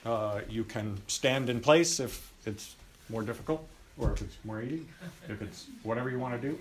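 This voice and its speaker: A man hosting a memorial gathering, gentle and wry as he invites people up to share. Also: medium pitch, moderate pace, a little hiss or hum, low-quality recording. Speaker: memorial emcee.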